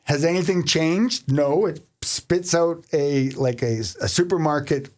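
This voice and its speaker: A Canadian podcast host tells a story in a fairly high, animated voice. He laughs often and acts out the people he quotes. The talk is loose and chatty. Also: a little slow. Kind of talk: casual storytelling chat.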